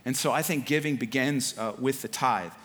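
A man preaching a sermon in a relaxed, conversational way, with slang and filler words. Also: mid-range voice, normal speed. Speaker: pastor. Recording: long hall reverb.

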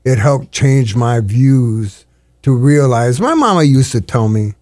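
Older male storyteller, earnest and halting. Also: medium pitch, lively intonation, a little mellow, no echo, studio quality. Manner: earnest, halting, with many restarts. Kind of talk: reflective interview talk.

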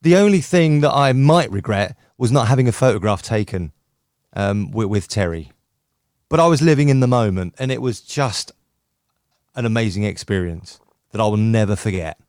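A middle-aged UK radio presenter, here a podcast guest, talks enthusiastically in casual chat and keeps restarting his stories. His voice is lowish, expressive and darkish, at a moderate pace. The audio is clean studio quality without echo.

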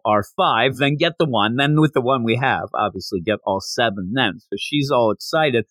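A man hosting a podcast, recapping a comic in animated casual storytelling. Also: mid-range voice, dry recording. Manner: animated storytelling, slipping into character voices. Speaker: podcast host.

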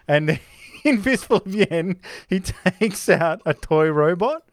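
Speaking slowly in a high-pitched voice, a male podcast co-host chats casually about movies. His talk rambles and restarts often, livening up whenever he retells a scene.

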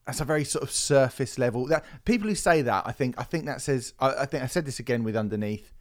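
A man's voice: medium pitch, animated, quick pace. A man hosting a podcast, chatting casually and animatedly, swearing and mocking critics in quoted voices. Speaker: podcast host.

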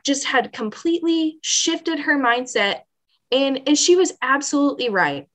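Female podcast guest with a slightly high voice, earnest and animated, heartfelt storytelling. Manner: animated, earnest, lots of "like" and "you know". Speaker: pregnancy center manager, podcast guest. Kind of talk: emotional personal storytelling on a podcast.

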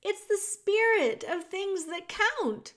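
A gentle, gracious twelve-year-old princess, as a woman reading aloud voices her. She speaks politely in a light, high voice. She keeps her pace unhurried. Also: lively intonation. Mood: gracious, patient.

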